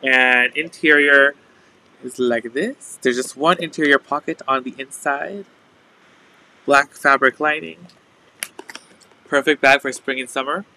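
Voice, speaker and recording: A man's voice: mid-range voice, fairly even intonation, a little slow, long pauses, sharp tone, a little hiss or hum, low-quality recording. A man hosting a live resale stream, chatting casually and filling his talk with "like". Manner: chatty, full of "like" fillers. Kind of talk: casual live sales chat.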